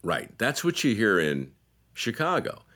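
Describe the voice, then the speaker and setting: A middle-aged man talks in a casual podcast, his voice sitting very low but rising and falling in wide swings. He tells stories with laughs and slips into mimicked voices. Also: huge pitch swings, measured pace, a bit bright. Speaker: podcast co-host. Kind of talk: casual chat.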